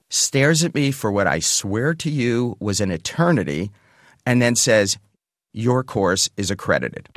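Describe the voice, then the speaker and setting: Low-voiced older man telling a story. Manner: animated, acts out the voices of people in his story. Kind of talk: personal storytelling to an audience.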